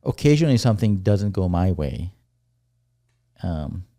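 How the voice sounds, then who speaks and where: A man co-hosting a podcast, talking things over in a reflective, unhurried way. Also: sits low, big pitch swings, dark tone, no room sound, clean studio sound. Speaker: podcast co-host. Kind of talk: casual chat.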